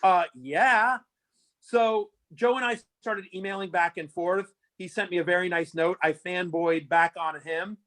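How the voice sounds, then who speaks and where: Speaking at a moderate pace with hardly any pauses, a high-voiced man guests on a casual interview as a fantasy sports analyst. His animated, rambling stories are full of fillers and restarts.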